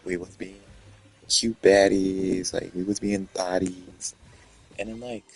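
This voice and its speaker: Man, deep voice, husky, casual rambling rant, lots of cursing. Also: takes it slowly, poor audio. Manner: profane, rambling, animated.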